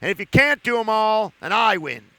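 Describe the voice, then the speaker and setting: A man's voice: high-pitched, very animated, moderate pace, pushed and bright, no room sound, exaggerated voice. A man voicing a clever young boy who dares a giant in a cheeky, confident way, at an outdoor family show. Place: outdoor park stage at a live family show.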